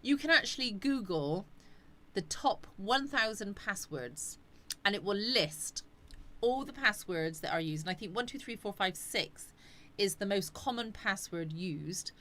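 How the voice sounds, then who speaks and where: Bright-voiced chatty woman. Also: medium pitch, animated, a little slow. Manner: chatty, rambling, answers viewers' comments. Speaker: live stream host. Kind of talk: casual live chat reading comments.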